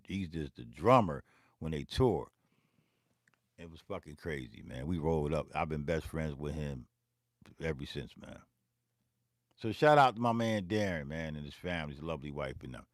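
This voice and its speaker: A man's voice: rumbling low, dry recording. A man telling a long, rambling, profane story in his home music studio, repeating himself as he goes. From Philadelphia. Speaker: beatmaker and vlog host. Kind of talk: casual storytelling to camera.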